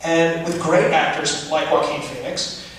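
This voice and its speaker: A film director answering audience questions in a chatty, laughing way at a festival Q&A. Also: male voice, a little high, steady tone, unhurried, a bit bright. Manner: chatty, laughing asides, restarts. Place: large hall with audience. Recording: echoey hall from far off, audience noise.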